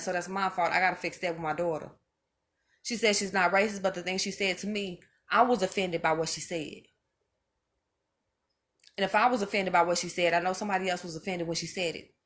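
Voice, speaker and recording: A woman's voice: medium pitch, fairly bright tone. A mother speaking straight to her viewers in an impassioned monologue, emphatic and preachy, hammering home each point by repeating it.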